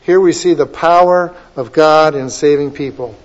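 Male preacher, higher voice, big swings from hushed to emphatic, muffled lo-fi tape. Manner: dynamic, swinging between soft asides and loud emphatic drawn-out lines. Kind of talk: sermon. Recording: dull lo-fi sermon recording.

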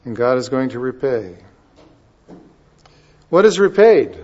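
A man preaching a sermon, moving from quiet, conversational asides to loud, emphatic readings of scripture. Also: mid-range voice, sing-song, measured pace. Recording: dull lo-fi sound.

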